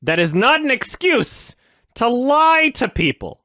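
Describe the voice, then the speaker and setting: Hosting a reaction video, this man rants with exasperation and plenty of swearing, lurching from loud outbursts to low, sarcastic muttering. His pitch swings widely, and he takes his time.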